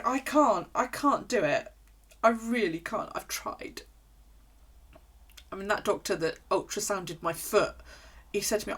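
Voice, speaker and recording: A woman's voice: mid-range voice, moderate pace, bright, forceful tone. A woman chatting casually on a live stream, rambling through stories and swearing freely. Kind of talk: casual chat while journaling on stream.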